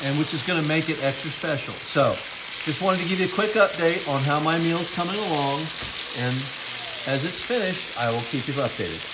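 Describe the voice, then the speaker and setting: An older man talks through his holiday cooking in a home kitchen, his voice sitting a bit high for a man. He is chatty and playfully proud. Pans fry and sizzle loudly behind him. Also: moderate pace. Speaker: family cook filming a holiday video. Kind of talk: casual home video narration. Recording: home video with kitchen noise. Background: frying sizzle.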